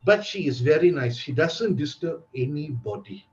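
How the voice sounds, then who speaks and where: Calm, reassuring hotel head housekeeper woman, as a man puts her on, high voice, dull lo-fi sound. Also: moderate pace, lightly acted. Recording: dull lo-fi recording.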